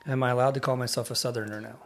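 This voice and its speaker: A man's voice: medium pitch, fairly even intonation, very fast, faint music behind. A man from the American Midwest co-hosting a podcast, telling rambling stories and often correcting himself. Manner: rambling, self-correcting storyteller. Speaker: podcast co-host. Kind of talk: casual chat.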